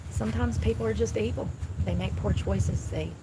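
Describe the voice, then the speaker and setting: A woman's voice: mid-range voice, normal speed, noisy background. A woman chatting casually on a live stream outdoors, blunt and thinking aloud as she talks. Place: outdoors near traffic.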